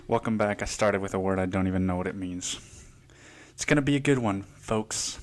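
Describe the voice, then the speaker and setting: Breathless, slow-talking man podcasting. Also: deep voice. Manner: profane, rambling, laughs often. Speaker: podcast host. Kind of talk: casual solo podcast monologue.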